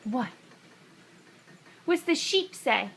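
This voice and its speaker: A mother talks to her baby in a home video, her voice high and bright. She coaxes with slow, sing-song questions and gentle praise. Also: animated, creaky, slight background noise.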